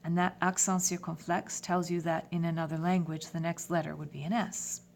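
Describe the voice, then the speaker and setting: A woman teaching a French lesson in English, giving clear step-by-step instructions. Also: lowish voice, level tone, normal speed, a little mellow, slight background noise. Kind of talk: classroom lesson.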